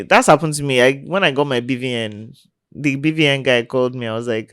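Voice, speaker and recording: A woman, co-hosting a podcast in casual chat, blunt and outspoken and quick to react. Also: rumbling low, fairly bright tone, no echo, clean studio sound. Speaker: podcast co-host.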